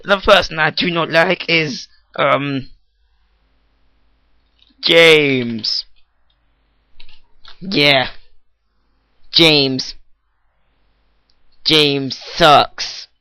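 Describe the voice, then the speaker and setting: A man's voice: on the high side, drawn-out words, long pauses, sharp tone, no room sound. A teenage boy doing an improvised comic rant while testing his microphone, rambling and goofy, often cutting himself off. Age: teens. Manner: rambling, goofy, self-interrupting. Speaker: vlogger. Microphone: testing a new microphone.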